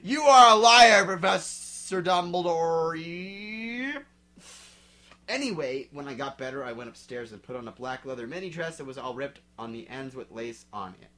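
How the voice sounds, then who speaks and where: A young man giving a comic dramatic reading, sniffly, swinging from mumbling to shouting. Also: mid-range voice, lively intonation, fast talker, hardly any pauses. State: drinking, sniffly. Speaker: reader.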